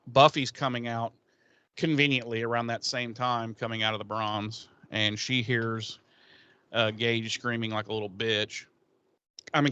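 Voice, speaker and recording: A man's voice: medium pitch, clear, resonant tone, dry recording. A man co-hosting a podcast, recapping an episode in casual chat, swearing often and laughing at his own jokes. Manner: profane, laughing, animated storytelling. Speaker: podcast co-host.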